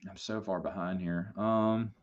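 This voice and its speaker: A man's voice: low voice, steady tone, a little slow. A man hosting a live Q&A stream, telling a long, rambling anecdote with self-deprecating humor. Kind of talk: casual storytelling on a livestream. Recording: slightly dull lo-fi stream audio.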